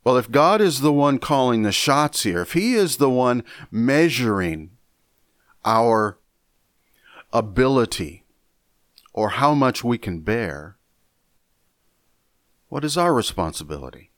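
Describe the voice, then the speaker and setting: A man teaching a Bible lesson in a measured, deliberate way, often repeating a word as he thinks. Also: medium pitch, big pitch swings, no echo, studio quality. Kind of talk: sermon lesson.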